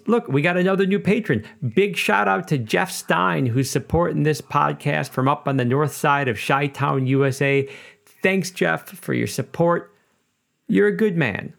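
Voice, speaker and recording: A man's voice: medium pitch, vocal fry. A man with a Midwestern accent hosting a podcast in a casual, jokey, self-deprecating monologue. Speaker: podcast host.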